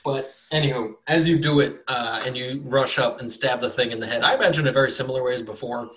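Brief: male game master, mid pitch, rambling casual narration, lots of fillers. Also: fast talker, a bit bright, slight background noise. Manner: rambling, loose, many fillers and self-corrections.

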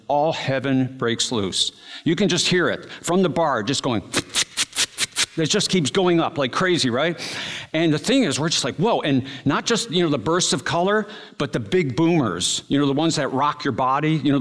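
A man preaching in a church, with a slightly high voice for a man. He tells his story with animated energy and slows down hard on the dramatic points. His voice rings out with a long reverb from the hall. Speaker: pastor. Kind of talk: sermon.

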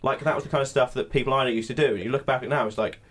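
A man from the UK chats about films on a podcast, quick and animated. His voice sits in a middling register as he piles up emphatic asides at a rapid clip. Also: mid-range voice. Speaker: podcast co-host. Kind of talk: casual chat.

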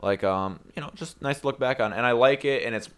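A man's voice: mid-range voice, fast, clean tone. A young man co-hosting a podcast, rambling through casual chat, cursing freely and laughing at his own stories. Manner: quotes people in put-on voices. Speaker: podcast co-host.

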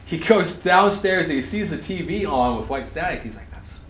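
A man in his thirties speaking to a group, telling an animated story and laughing through it. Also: on the high side, moderate pace, recorded from a distance. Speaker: conference speaker. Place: large indoor hall at a retreat facility. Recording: echoey hall, faint room noise.

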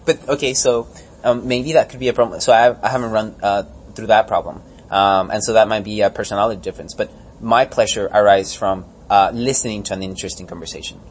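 A man's voice: lowish voice, fast, slight background noise. A man in casual conversation, rambling with many fillers and swearing, sometimes acting out scenes. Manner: profane, rambling, acts out scenes in animated bursts. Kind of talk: casual chat.

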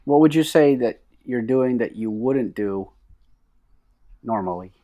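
A man's voice: mid-range voice, animated, measured pace, warm tone. A man co-hosting a podcast, chatting casually and retelling a comedy sketch with lots of asides. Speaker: podcast co-host. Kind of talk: casual chat.

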